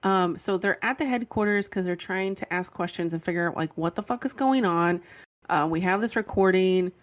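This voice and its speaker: A woman's voice: fairly low pitch, normal speed. A woman co-hosting a podcast, recapping scenes in casual chat and laughing often. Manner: giggly, recapping. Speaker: podcast co-host.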